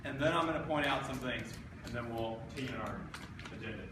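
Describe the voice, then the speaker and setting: A man's voice: mid-range voice, quick pace. A man leading a scouting volunteer training, speaking directly and upbeat to the room. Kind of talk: training presentation. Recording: echoey hall, mic far off, background noise.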